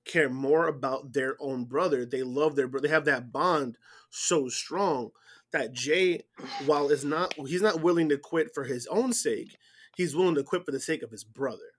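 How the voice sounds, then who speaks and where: A man with a fairly high voice talks through a wrestling match with lively, blow-by-blow storytelling. He keeps the casual feel of a podcast chat with a friend. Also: normal speed.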